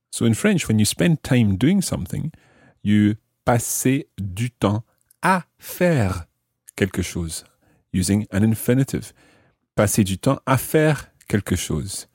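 A man hosting a language podcast, explaining phrases patiently and slowing down to model them. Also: fairly low pitch, a little mellow, breathy edge, dry recording, clean studio sound. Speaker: language teacher and podcast host. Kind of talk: explanatory lesson narration.

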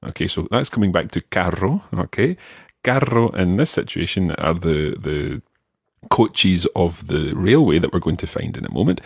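A man teaching pronunciation who explains patiently, models the sounds slowly and jokes about his own mistakes. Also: low-pitched, animated, gravelly, breathy edge, no room sound, clean studio sound. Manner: self-deprecating. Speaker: language teacher.

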